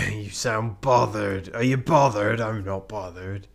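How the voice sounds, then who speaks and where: A man voicing a drunken, mocking ship captain with a slurred piratey drawl, a gravelly low voice and slow, lurching delivery.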